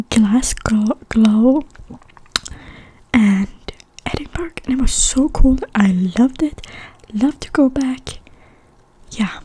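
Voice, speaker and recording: A woman's voice: on the high side, fairly even intonation, slow, mellow, husky. A young woman from Sweden telling chatty stories in a whispered role-play mukbang, with a stuffy nose. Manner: chatty whispered storytelling between bites. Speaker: mukbang ASMR creator.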